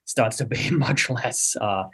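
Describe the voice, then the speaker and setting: A man's voice: mid-range voice, slow pace, a bit bright. A man giving a casual spoken explanation on a podcast, full of "you know" and "right?" fillers. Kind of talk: conversational explanation.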